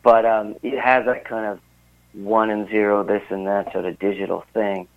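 Laid-back musician on a tinny phone line. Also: male voice, fairly low pitch, flat delivery, normal speed. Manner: rambling, laid-back storyteller with many fillers. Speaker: musician guest. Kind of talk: casual interview chat.

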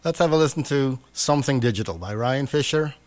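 A man's voice: mid-range voice, animated, brisk. A man hosting a radio interview, speaking hesitantly with many fillers and repeated words. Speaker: radio host.

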